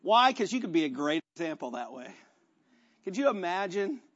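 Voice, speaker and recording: A male pastor preaching a sermon in a conversational, animated style, acting out quotes as he tells stories. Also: high-pitched, moderate pace, lo-fi sound.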